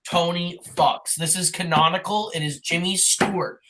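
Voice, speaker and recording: A podcast co-host recapping an old film in a rambling, profane, excitable way, sometimes doing quick mock voices. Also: mid-range voice, noisy background. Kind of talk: casual comedic chat.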